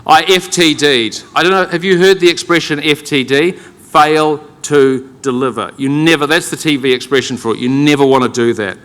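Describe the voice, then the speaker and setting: A middle-aged man with a New Zealand accent gives a keynote in a large conference hall before an audience, telling a wry, conversational, self-deprecating story for laughs. His voice sits fairly high and sounds a bit bright, moving at a moderate pace. The recording carries a long hall reverb.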